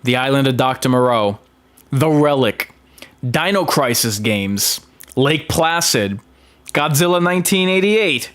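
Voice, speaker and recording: A man's voice: mid-range voice, expressive, unhurried, fairly bright tone. A man giving casual film commentary, emphatic, with frequent fillers and restarts. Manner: emphatic, with many ums and restarts.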